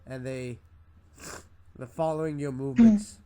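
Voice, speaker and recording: A man running a tabletop game as game master, describing scenes in a hesitant, halting way. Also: mid-range voice, animated, dark tone. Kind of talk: narrating a tabletop game session.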